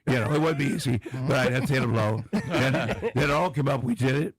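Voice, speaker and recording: A man's voice: mid-range voice, brisk, husky, no room sound. A middle-aged man, a comedian and actor, telling self-deprecating stories as a guest on a talk show. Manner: self-deprecating, animated storyteller. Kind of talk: casual anecdotal storytelling.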